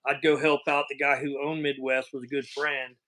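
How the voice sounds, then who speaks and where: A man's voice: mid-range voice, flat delivery, normal speed, pushed and bright. A man with a Southern American accent hosting a casual livestream chat, telling rambling, folksy stories over a video call. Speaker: livestream host.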